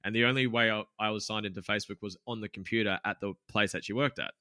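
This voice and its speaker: A young man in his twenties tells a story as a podcast guest, candid and full of swearing, fillers and false starts. His voice is bright and forceful and sits a little low. The recording is dry and close. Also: steady tone, fast talker, dry recording. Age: 20s. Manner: candid, swears freely, many fillers and restarts. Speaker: podcast guest, gym business owner. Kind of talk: casual storytelling interview.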